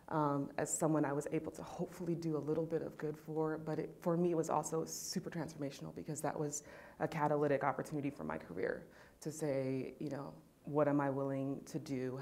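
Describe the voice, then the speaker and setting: A woman's voice: sits low, little pitch movement, a little fast. A woman from California speaking on a panel, telling an emotional personal service story in a heartfelt way.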